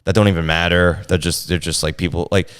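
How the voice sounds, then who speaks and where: A comedian guest with a low voice talks fast in a clean tone. In casual chat, he tells animated, profane stories about shows where he got heckled, acting out the other voices along the way.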